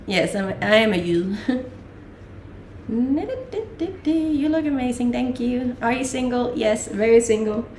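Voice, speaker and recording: A woman's voice: a little high, steady tone, normal speed, few pauses, a little mellow, slight background noise. A young woman from Denmark chatting casually on a live stream, answering viewer questions in an easygoing way with frequent laughs and lots of fillers. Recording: echoey room, mic a little distant.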